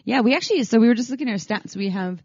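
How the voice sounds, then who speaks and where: A woman co-hosting a sex podcast in casual chat, talking haltingly with many fillers and restarts. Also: fairly high pitch, animated, a little mellow, breathy edge, no room sound. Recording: dry, dull lo-fi sound.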